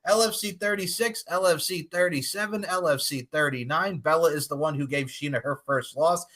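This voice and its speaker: Hyped bright-voiced male podcast host. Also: fairly high pitch, moderate pace. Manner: hyped, jokey, bursts of shouting. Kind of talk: excited podcast chat.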